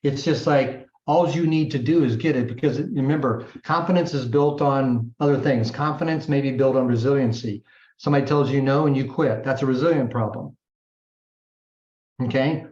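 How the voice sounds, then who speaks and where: A man's voice: medium pitch, darkish tone. A man giving a motivational coaching talk to his team, emphatic and repetitive, calling them gang and guys. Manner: emphatic, repetitive, punchy sound words; addresses listeners as gang and guys. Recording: dull echoey room recording.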